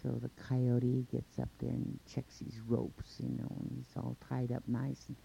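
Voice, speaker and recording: A man telling a traditional folk tale in an unhurried way, linking events with 'and' and pausing on fillers. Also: mid-range voice, completely flat delivery, vocal fry, warm tone, a little hiss or hum. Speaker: storyteller. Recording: dull lo-fi recording.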